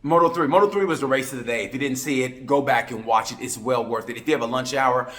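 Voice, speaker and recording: A man from Oklahoma with an Oklahoma accent, giving a rambling, jokey race review with sudden loud bursts. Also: mid-range voice, fast. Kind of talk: comedic sports commentary.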